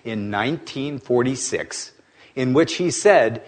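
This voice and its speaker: Animated man telling stories about investing. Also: medium pitch, moderate pace. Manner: animated, joking, conversational. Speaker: investment speaker. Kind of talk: anecdotal talk to an audience.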